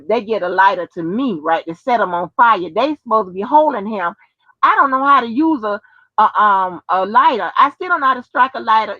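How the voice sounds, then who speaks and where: A woman's voice: fairly high pitch, no room sound, highs cut off. A woman chatting casually and bluntly on a livestream, full of slang and swearing. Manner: brash, slangy, swears freely. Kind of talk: casual chat.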